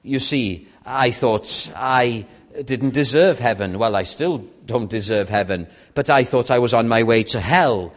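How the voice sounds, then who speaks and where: A man preaching a sermon in an earnest, personal way, sometimes dropping soft and sometimes lifting his stress. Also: medium pitch, a little slow.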